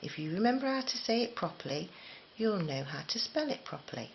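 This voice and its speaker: A woman's voice: lowish voice, sing-song, brisk, gravelly, slight background noise. A woman voicing a strict middle-aged mother who firmly corrects her children's speech. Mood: scolding. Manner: firm, scolding, precise diction. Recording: slightly dull lo-fi recording.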